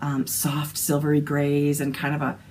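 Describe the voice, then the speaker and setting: Woman, Canadian accent, lower-pitched voice, casual knitting chat, enthusiastic. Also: monotone, normal speed, darkish tone. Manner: gushing, enthusiastic. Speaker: podcast co-host.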